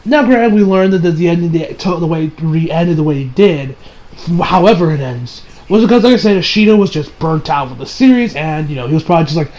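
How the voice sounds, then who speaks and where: A man giving a casual, rambling recap of an anime episode, full of filler words and restarts, sometimes breaking into excited laughter. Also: fairly high pitch, a little fast, rough recording. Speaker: anime reviewer.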